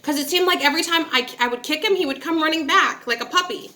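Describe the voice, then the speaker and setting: This is a woman in her thirties, originally from upstate New York, who chats straight to her viewers. She tells a candid personal story that wanders off into asides as she goes. Her voice sits a little high and sounds bright and sharp. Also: fast talker. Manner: candid, chatty and digressive, with frequent asides. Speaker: vlogger. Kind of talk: casual storytelling.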